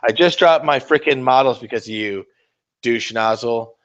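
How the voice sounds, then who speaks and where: Guy rambling on his painting stream, cusses a lot, mocks himself, mid-pitch voice. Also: moderate pace, a bit bright, highs cut off. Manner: rambling, profane, self-mocking banter. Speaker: miniature-painting livestream host. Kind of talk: casual live-stream chat while painting.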